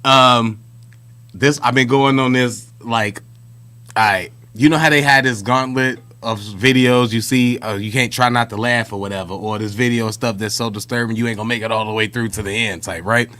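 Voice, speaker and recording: A man's voice: mid-range voice, fairly even intonation, moderate pace, bright, forceful tone. A man co-hosting a podcast, telling stories in a chatty, slangy, casual way. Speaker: podcast co-host. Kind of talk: casual chat.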